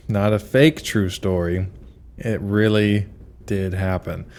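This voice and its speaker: Man, podcast co-host, somewhat low voice, casual comedic riffing, remote call. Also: darkish tone. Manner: joking, riffing on bits.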